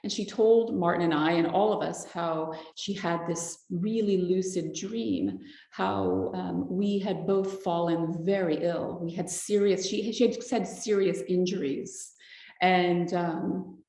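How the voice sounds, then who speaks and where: A woman guest on a podcast, sharing a personal testimony in a halting, reflective way with many fillers, audibly emotional. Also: fairly low pitch, steady tone, mellow. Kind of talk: personal testimony, casual talk. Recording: roomy echo.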